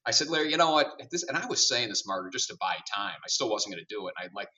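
A man's voice: fairly low pitch, very fast, distant mic, muffled recording. A middle-aged man who runs a company, a podcast guest telling a story and acting out the dialogue in it. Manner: animated storyteller, acts out dialogue.

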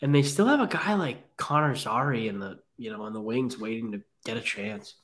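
A man co-hosting a casual sports podcast, jumping in with quick, opinionated takes. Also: medium pitch, sing-song, fairly bright tone, a little hiss or hum. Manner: quick, opinionated, jumps in on others. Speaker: podcast co-host.

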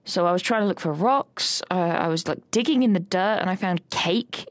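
A woman's voice: on the low side, normal speed, no echo. A woman co-hosting a podcast, telling a rambling dream story with lots of fillers and laughter. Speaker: podcast co-host recounting a dream. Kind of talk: casual chat.

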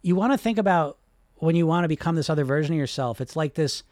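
A man coaching on weight loss and hypnosis in a casual, animated talk, often swearing and asking "right?". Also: fairly high pitch, fast talker, dry recording, clean studio sound. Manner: animated, swears freely, many fillers like "right?".

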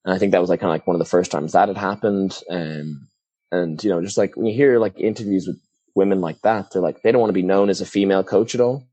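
A young man from Ireland with an Irish accent softened toward American, talking reflectively in an interview with many fillers and restarts. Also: sits low, fast, no echo, low-quality recording. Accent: Irish, partly Americanized. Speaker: football coach, guest.

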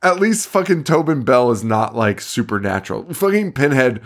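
A man's voice: medium pitch, big pitch swings, normal speed. A man co-hosting a horror podcast in casual, profane chat, laughing often as he retells movie scenes. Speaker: podcast co-host.

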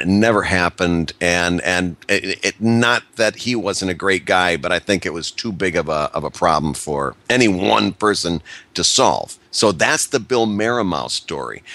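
A man's voice: low voice, pushed and bright, no echo. A man in casual chat, explaining background at length with many restarts.

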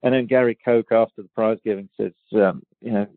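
A man's voice: lowish voice, fairly even intonation, fairly quick, no echo. A man in his fifties from England, a guest golfer recounting stories in a casual interview, rambling with many restarts and easy laughter. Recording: tinny phone-line sound, dry.

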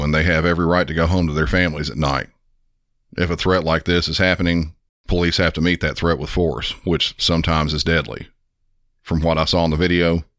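A man hosting a podcast, calmly narrating and commenting on emergency calls in a measured, matter-of-fact way. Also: extremely low pitch, no echo, studio quality. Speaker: podcast host.

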